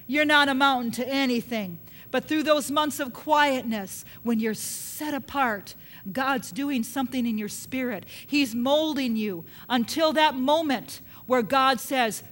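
A woman's voice: high-pitched, unhurried. A woman preaching a sermon, emphatic and repetitive, often putting questions to her listeners.

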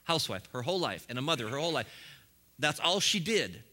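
A man delivers a sermon in a very bright, ringing voice pitched a little high. He swings between quiet, conversational asides and loud, fiery exhortations, chuckling often along the way. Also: very animated, quick pace. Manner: preaching with rising bursts and chuckles. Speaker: pastor.

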